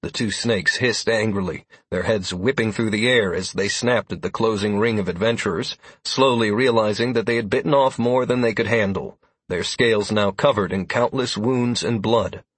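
A man reads an audiobook in a steady storytelling voice. His tone is husky, and the recording is dry and close. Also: fairly low pitch, normal speed, few pauses, dry recording. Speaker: audiobook narrator. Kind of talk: audiobook narration.

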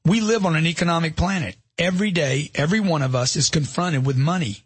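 With no echo in the recording, a fast-talking middle-aged man, a self-help author, fires off rhetorical questions and punchy emphasis in motivational narration. His husky voice is slightly high for a man.

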